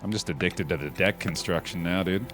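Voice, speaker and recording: A young man casually commenting on a card game on a live stream, chatty and relaxed, calling his chat dude and bud. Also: low-pitched, a little fast, over music.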